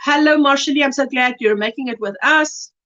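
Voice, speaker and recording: Chatty South African woman, high voice. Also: normal speed, a bit bright, highs cut off. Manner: chatty, reads viewer comments aloud with delight. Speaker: crochet livestream host. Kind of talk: casual livestream chat.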